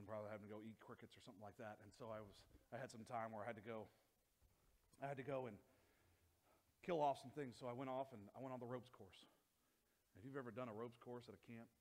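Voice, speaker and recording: A man, a youth pastor, preaching a sermon and telling a lively story, acting out voices as he goes. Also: medium pitch. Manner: animated storytelling, acts out his own voice and others'. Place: church hall.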